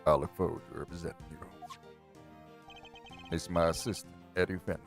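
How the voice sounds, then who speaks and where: Gravelly cowboy lawyer, a man putting it on. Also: sits low, steady tone, brisk, soft background music, voice pushed down. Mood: steady. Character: gruff cowboy-style male defense attorney, steady.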